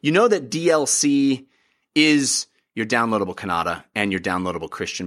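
A man hosting a podcast, upbeat and excitable, chatting casually about games with plenty of fillers. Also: mid-range voice, moderate pace. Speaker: podcast host. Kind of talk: casual chat.

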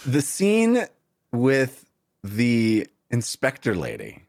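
A man's voice: mid-range voice, huge pitch swings, extremely slow, creaky, a little mellow. A man co-hosting a casual film discussion, emphatic and incredulous. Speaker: podcast co-host.

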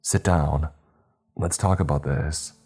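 A man's voice: extremely low pitch, fairly even intonation, takes it slowly, a little mellow, slightly rough, faint music behind, full character voice. A man reading as a guarded young woman. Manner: defensive, guarded replies. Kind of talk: storytelling narration.

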